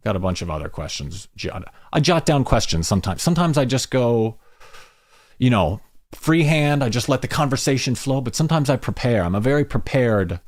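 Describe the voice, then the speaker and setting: A man's voice: on the low side, dry recording, studio quality. An American man hosting a casual livestream chat, rambling and self-deprecating as he greets viewers. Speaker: podcast host.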